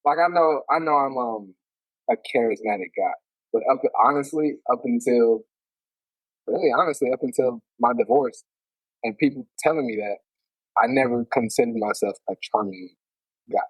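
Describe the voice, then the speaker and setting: A man's voice: mid-range voice, no room sound, rough recording. A man co-hosting a podcast, chatting casually in a rambling way with lots of fillers. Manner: rapid, rambling with many fillers. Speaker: podcast co-host. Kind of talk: casual chat.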